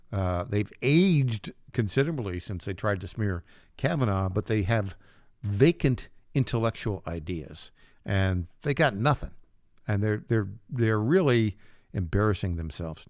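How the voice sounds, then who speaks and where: Wry male talk radio host, low voice. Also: no room sound, clean studio sound. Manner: wry asides, repeats the call-in number, chuckles at his own jabs. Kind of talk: political talk radio commentary.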